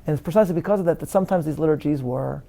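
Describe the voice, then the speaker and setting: Gravelly-voiced rabbi, earnest and measured. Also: male voice, a little high, dark tone. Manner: measured and earnest, with emphatic stresses and frequent restarts. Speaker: rabbi giving a talk at a live interview. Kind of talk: thoughtful lecture-style answer.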